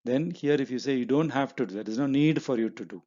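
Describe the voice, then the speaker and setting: A man's voice: medium pitch, very fast, mellow, lo-fi sound. A man teaching a spoken language lesson, walking through examples step by step and repeating each one. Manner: explains step by step, switching between English and Kannada examples; many fillers and restarts, repeats each example.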